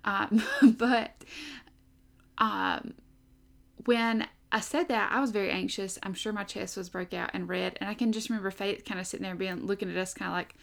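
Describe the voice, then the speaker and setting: A woman's voice: medium pitch, fairly even intonation, moderate pace, creaky. A young adult woman hosting a casual podcast, chatty and upbeat with frequent fillers. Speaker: podcast host.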